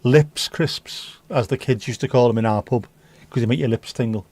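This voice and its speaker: A man's voice: mid-range voice, moderate pace, darkish tone, dry recording. A middle-aged man, hosting a livestream and rambling casually while reading out viewer comments. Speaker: livestream host. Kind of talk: casual chat.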